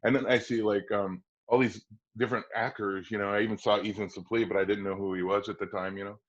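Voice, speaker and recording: Low-voiced man spinning a lively story. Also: quick pace. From Kenosha, Wisconsin. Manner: lively raconteur who acts out quoted voices and laughs often. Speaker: actor as podcast guest. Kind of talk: anecdotal storytelling. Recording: dull lo-fi podcast audio.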